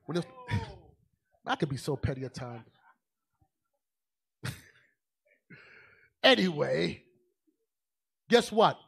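High-voiced man preaching with fiery swings. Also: sing-song, extremely slow, gravelly, long pauses, breathy edge. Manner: emphatic, colloquial preaching that swings from low asides to shouting. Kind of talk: sermon.

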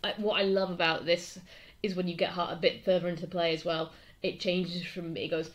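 A woman's voice: on the low side, little pitch movement, normal speed. A woman co-hosting a podcast, talking thoughtfully and casually about a play. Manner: thoughtful, reflective, reads quotes aloud. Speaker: podcast co-host.

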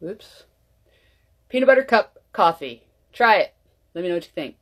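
A woman with a slightly low voice talks to her viewers in a loose, chatty way while she fixes her morning coffee. She moves around as she works, so her voice drifts closer and farther from the mic. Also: very animated, moderate pace. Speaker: wellness vlogger. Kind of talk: casual cooking demo chat.

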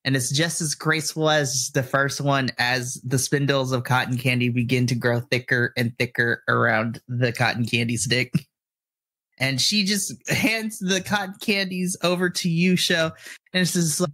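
A man narrating a tabletop game as game master, excitable and giggly, often restarting his sentences. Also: mid-range voice, moderate pace.

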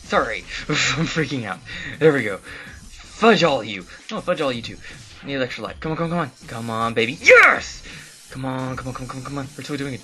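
A let's play host giving live gameplay commentary, excitable, swearing often and talking to the game. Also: mid-range voice, a little fast, soft background music.

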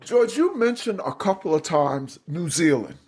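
A man hosting a podcast, asking slow, measured interview questions. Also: fairly high pitch, big pitch swings, a little mellow, slightly rough. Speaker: podcast host.

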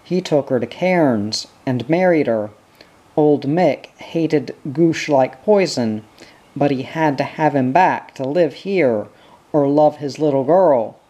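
A blunt, offhand ambulance bearer gossips casually, as a reader puts him on. He talks at a slow, easy pace. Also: medium pitch, warm tone, lo-fi sound. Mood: gossipy.

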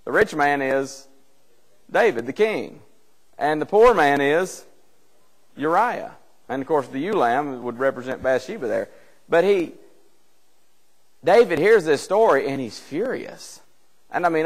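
A man's voice: fairly high pitch, expressive, unhurried, long pauses. A male preacher giving a conversational Bible class, retelling a scripture story with rhetorical questions and reading old-style scripture aloud. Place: church hall. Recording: long church hall reverb.

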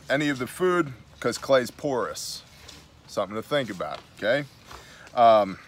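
A man's voice: mid-range voice, a bit bright. Blunt New man reading scripture. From New York. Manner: conversational, reads scripture aloud then comments with blunt asides. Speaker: host. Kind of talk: casual Bible study talk.

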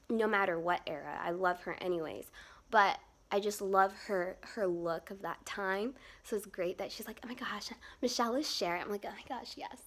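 A woman's voice: medium pitch, pushed and bright. A young woman chatting casually about her outfit in a live-streamed phone vlog, bubbly and rambling with giggles. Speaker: fashion vlogger.

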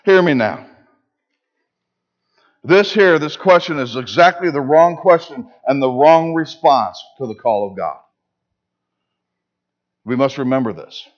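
A pastor giving a sermon in church, preaching with emphasis and asking the congregation rhetorical questions. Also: male voice, fairly high pitch, muffled recording.

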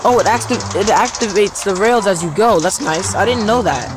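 Hosting a gaming video, this man chats casually and reacts aloud as he plays, with game music behind him. His voice sits high and he talks a little fast.

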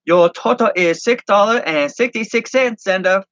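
A man reading aloud and putting on a high voice for a friendly young female cashier who speaks broken English. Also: lively intonation, moderate pace, gravelly, fairly bright tone, no echo, lo-fi sound, exaggerated voice.

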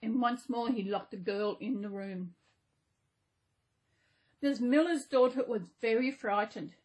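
Breathy high-voiced woman reading a bedtime-style story, slow and gentle. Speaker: channel host reading a story.

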